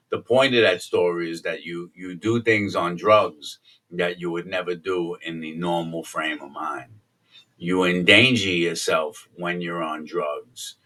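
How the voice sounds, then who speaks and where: A man with a low, deep voice talks through a personal story in a loose, rambling way, stopping for fillers and starting sentences over. His tone is bright and cutting. He sits a little back from the microphone. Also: far from the mic. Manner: rambling, lots of fillers and restarts, acts out quotes loudly.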